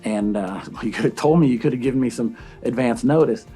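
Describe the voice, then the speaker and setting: A middle-aged man, a company founder telling a personal story, earnest and emotional, halting with fillers. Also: medium pitch, mellow, breathy edge, faint music behind.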